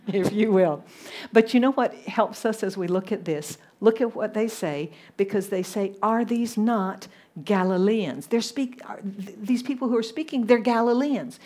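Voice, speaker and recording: A woman with a softened Southern American accent preaching a sermon to a congregation, animated and asking them questions. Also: medium pitch. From Southern United States. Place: church congregation abroad.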